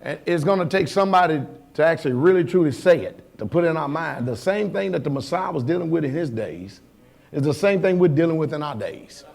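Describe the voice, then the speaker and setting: A man with a high voice preaches a sermon in a casual, street-level way. He throws rhetorical questions at the congregation, drops into quiet asides and then builds up to loud shouts. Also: animated, a little fast, gravelly. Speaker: pastor.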